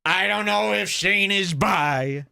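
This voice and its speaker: A man's voice: slow, creaky, pushed and bright, clean tone, no room sound. A man hosting a podcast, ranting crudely and mockingly in a comedic style. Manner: mocking, exaggerated, swings pitch wildly. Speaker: podcast host.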